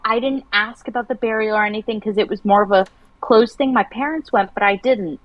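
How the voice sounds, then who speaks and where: Woman streamer, animated storyteller in casual chat, dry close mic. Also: fairly high pitch, brisk, no echo, dull audio. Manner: chatty, animated storyteller with many restarts. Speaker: livestream co-host.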